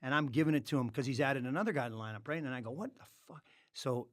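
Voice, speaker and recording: A middle-aged man, a former hockey player, telling stories as a podcast guest in a studio. He swears freely and breaks into loud outbursts. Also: mid-range voice, rapid-fire, no room sound. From Canada. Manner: animated, profane storyteller with loud outbursts. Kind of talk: casual storytelling.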